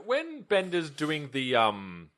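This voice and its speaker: A man chatting on a podcast with a pitch that swings widely and lively. He is playful and expressive, sometimes slipping into quoted lines for effect. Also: slow. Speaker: podcast co-host. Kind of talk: casual podcast chat.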